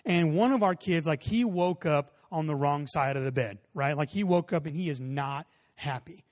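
Pastor guy in his 30s giving a sermon, kinda high voice, chatty, punches up then goes quiet. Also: moderate pace. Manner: conversational preaching, rising emphatic peaks, soft drop-offs.

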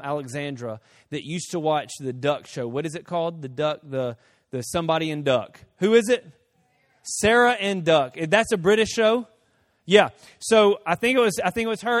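A man preaching a sermon as pastor, animated, acting out voices of people and shouting some quotes. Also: high-pitched, dry recording, clean studio sound.

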